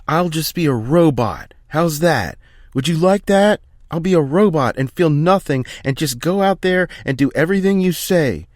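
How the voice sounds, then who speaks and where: A man's voice: low-pitched, normal speed, hardly any pauses, warm tone, no echo, clean studio sound, natural voice. A man voicing a resentful teenage older brother who finally screeches back at his father. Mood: screeching. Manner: screeching in bitter anger.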